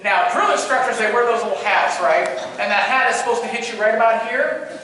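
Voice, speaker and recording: A man with a high, bright voice tells a keynote story in an animated, self-mocking way. He is recorded from far off in a large hall with a long, echoey reverb. A faint noise sits behind him. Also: fairly quick. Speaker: conference speaker.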